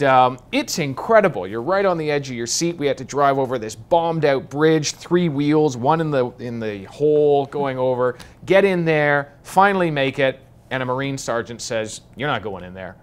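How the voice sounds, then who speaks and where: Canadian tv guy telling a wild story, voice going up and down a lot. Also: medium pitch. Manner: animated, dramatic storytelling. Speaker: TV correspondent. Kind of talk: casual storytelling chat.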